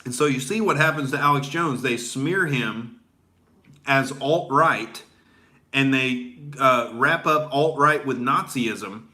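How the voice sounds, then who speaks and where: A man's voice: mid-range voice, slow pace, pushed and bright. A man hosting a comedy commentary show, ranting crudely and rambling with lots of filler words. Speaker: comedian host.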